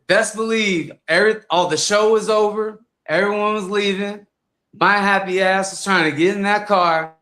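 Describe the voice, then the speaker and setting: A man, a fighter and guest, telling comic stories in a lively way and acting out voices. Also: high voice, normal speed, reverberant. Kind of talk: animated storytelling on a podcast.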